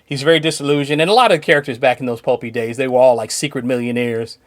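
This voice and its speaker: A podcast co-host with a medium-pitched voice talks fast in casual chat. He's enthusiastic and often laughs between points.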